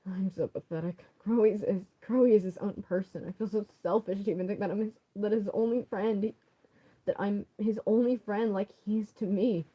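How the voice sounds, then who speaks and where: A woman voicing a shy, anxious teenage boy, speaking in a quiet, hurt, self-doubting way. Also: mid-range voice, steady tone, brisk, husky, natural voice, low-quality recording.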